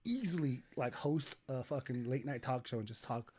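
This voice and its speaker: A young man co-hosting a casual podcast chat, animated and swearing freely, laughing often. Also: medium pitch, moderate pace, slightly rough. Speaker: podcast co-host.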